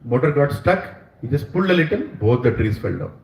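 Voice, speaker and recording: A man telling a devotional story to a gathering, animated and dramatizing, dropping in phrases of Hindi. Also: mid-range voice, brisk, creaky. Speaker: spiritual storyteller. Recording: roomy hall, distant mic, faint noise.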